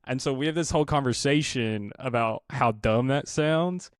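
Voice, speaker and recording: A man co-hosting a podcast in casual chat, explaining things in a relaxed way with restarts. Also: mid-range voice, fairly quick, few pauses, no room sound, studio quality. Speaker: podcast co-host.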